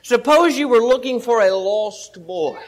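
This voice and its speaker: A preacher delivers a sermon to his congregation in a notably high voice for a man. He talks earnestly, laying out his argument point by point and leaning on plain everyday examples. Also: animated, unhurried, poor audio. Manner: earnest, explains step by step with everyday illustrations. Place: church service.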